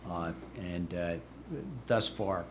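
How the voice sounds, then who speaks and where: A man serving as the city's legal adviser at a council meeting, measured and cautious in what he says. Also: low voice, steady tone, noisy background.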